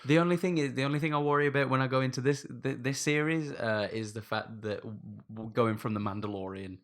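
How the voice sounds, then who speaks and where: A man, leading a relaxed podcast chat. He laughs easily and pauses on fillers as he gathers his thoughts. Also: mid-range voice. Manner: chatty, laughing, hesitant fillers. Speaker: podcast host. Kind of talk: casual chat.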